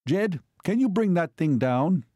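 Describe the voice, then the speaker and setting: A man's voice: high voice, animated, unhurried, warm tone, no room sound, studio quality, voice pushed up. A man voicing an irritable older male cavalry marshal who barks and snarls his questions. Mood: gruff. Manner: barking, snarling, impatient.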